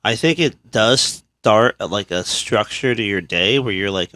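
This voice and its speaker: A man's voice: fairly low pitch, unhurried, no room sound. A man in his thirties from Kansas, co-hosting a podcast in casual chat, telling stories with lots of swearing and laughter. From Kansas, USA. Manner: animated storytelling, swears a lot, laughs often. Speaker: podcast co-host.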